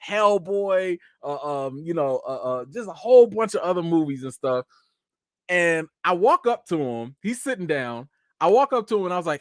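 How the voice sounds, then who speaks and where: A man hosting a casual live chat, telling stories in an animated, slangy way and talking straight to his viewers. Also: high voice, brisk, dry recording, studio quality. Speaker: host.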